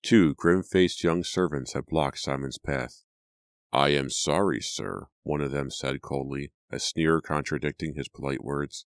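A man reading a novel aloud as audiobook narrator, measured and deliberate. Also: a bass voice, steady tone, dry recording, studio quality. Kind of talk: scripted narration.

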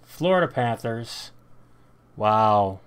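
A man hosting a live card break, reading off card names in short bursts with sudden loud, excited shouts. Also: lowish voice, slow pace, clean tone.

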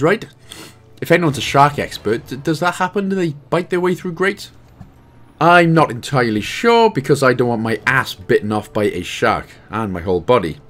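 A man's voice: medium pitch, sing-song, normal speed, fairly bright tone. A Welsh man hosting a game walkthrough, chatting casually with jokey asides while explaining the controls. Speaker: gaming guide host.

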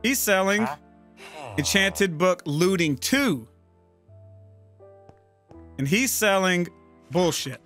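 A man's voice: high voice, animated, slow pace, long pauses, fairly bright tone, soft background music. A man giving casual, profane, exasperated commentary while playing a game and talking to himself. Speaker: gaming channel host.

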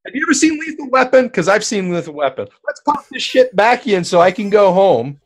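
A man's voice: sits high, very animated, brisk. A man co-hosting a podcast, telling a story casually, acting out quotes and swearing freely. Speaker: podcast co-host.

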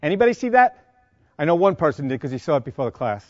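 A middle-aged man with a New York accent, lecturing a class of firefighters and quizzing them with quick questions. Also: on the high side, sing-song, a little mellow, dry recording. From Long Island, New York. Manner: quizzing the audience with rapid questions. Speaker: fire service instructor. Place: conference lecture room. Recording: dry, dull lo-fi sound.

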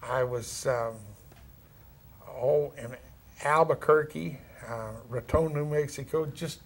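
A man's voice: a little high, slow. Man, middle-aged, West Texas drawl, folksy, easygoing, chuckling, interview guest. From California. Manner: folksy, easygoing, chuckles often, down-home words. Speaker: actor and former rodeo cowboy, interview guest. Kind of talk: relaxed interview chat.

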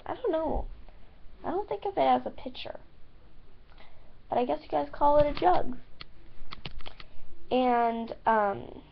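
Chatty American woman with vocal fry. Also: sits high, animated, slow pace, pauses often, lo-fi sound. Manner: chatty, giggly, playfully teasing. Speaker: vlogger. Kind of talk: casual talk to camera.

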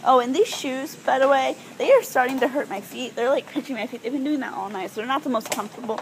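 A young woman chatting in a rambling, giggly, excitable way as she vlogs on her phone while walking through stores. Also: high voice, fast, background noise. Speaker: vlogger. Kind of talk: casual vlog chat. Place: inside stores and a mall. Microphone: phone held while filming.

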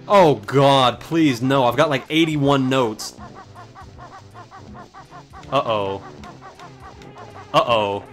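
A man's voice: medium pitch, very slow, long pauses, fairly bright tone, faint music behind. A man doing casual let's play commentary, joking and irreverent and cursing freely as he plays. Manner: joking, irreverent, swears often. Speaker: gaming commentator.

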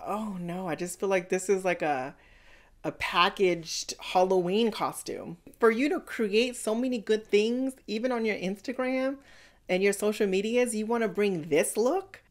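A woman's voice: medium pitch, a little slow. A woman hosting a casual reaction video, calling out the contestants directly with sassy pet names and giving blunt critiques. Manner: sassy, talks straight to the contestants with "honey" and "baby". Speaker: reaction channel host.

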